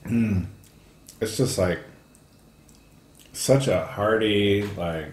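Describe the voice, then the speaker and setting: Deep-voiced man in an echoey kitchen. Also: extremely slow. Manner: relaxed, short agreeing remarks. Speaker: co-host. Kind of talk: casual cooking chat. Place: home kitchen.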